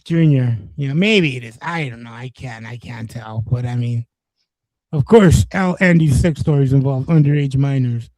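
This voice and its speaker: A man's voice: mid-range voice, moderate pace, mellow, no echo, poor audio. A man in his forties from East Los Angeles, telling stories in casual streamer chat, rambling and swearing, with many restarts.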